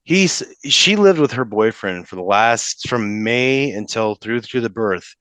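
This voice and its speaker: A young adult man, a podcast guest, talking emotionally with halting restarts. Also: fairly low pitch, expressive, a bit bright, no echo. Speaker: podcast guest, father in custody case. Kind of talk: casual interview talk.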